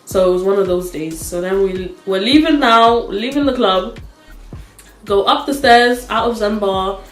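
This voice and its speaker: A young woman vlogger telling a story in casual chat, animated and laughing often as she acts out what people said. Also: mid-range voice, unhurried, reverberant, soft background music.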